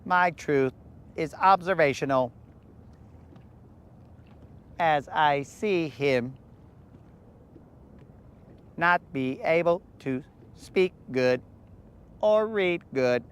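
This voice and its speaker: A man voicing an emotionless male robot that talks in a slow, stiff, literal way. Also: on the high side, fairly bright tone, clear, resonant tone. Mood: mechanical.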